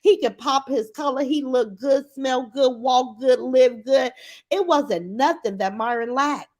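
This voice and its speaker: High-voiced woman ranting bluntly on stream. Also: measured pace, darkish tone. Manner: blunt, profane, mocking; emphatic repetition. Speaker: live streamer. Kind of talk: unscripted livestream rant.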